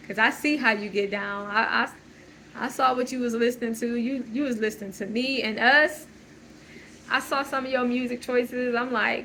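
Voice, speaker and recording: A woman's voice: a little high, fairly even intonation, unhurried, creaky, bright, forceful tone, slight background noise, low-quality recording. A woman talking through a loose, searching personal monologue, full of fillers and restarts. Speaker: channel host.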